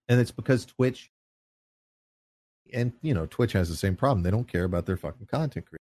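A man's voice: on the low side, animated, fairly quick, darkish tone, dry recording. Profane ranting man, dry close mic. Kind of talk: casual podcast chat.

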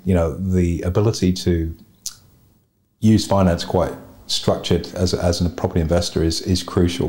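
Deep, flat-voiced man. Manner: blunt, opinionated, plain-spoken. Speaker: podcast host giving property investment advice. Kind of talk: casual advice talk.

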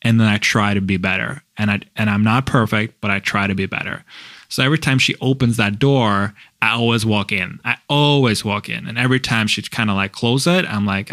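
Halting man with a dry sound. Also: fairly low pitch, fairly bright tone, no room sound. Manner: halting, many restarts and fillers. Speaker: husband in a couple's talk. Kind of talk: casual conversation.

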